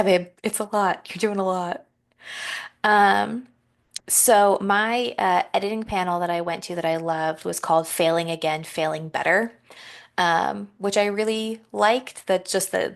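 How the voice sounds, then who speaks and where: A woman's voice: lowish voice, vocal fry. A woman co-hosting a writing podcast, chatting casually and enthusiastically about craft advice she loved. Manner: enthusiastic, affirming, many "um"s. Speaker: podcast co-host. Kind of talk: casual chat.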